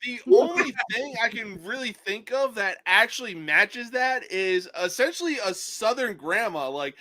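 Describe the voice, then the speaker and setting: A man's voice: high-pitched, expressive, unhurried, hardly any pauses, sharp tone. A man with an East Coast accent, swearing freely and laughing in casual podcast chat. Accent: American East Coast. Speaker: podcast co-host.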